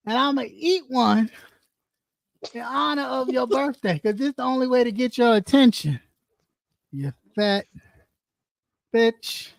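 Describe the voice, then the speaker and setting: A commentary host drawls slowly through a crude, profane roast, short of breath and pausing for long eating noises. The sound is dry and close. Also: high-pitched, gravelly, dry recording. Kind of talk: casual commentary.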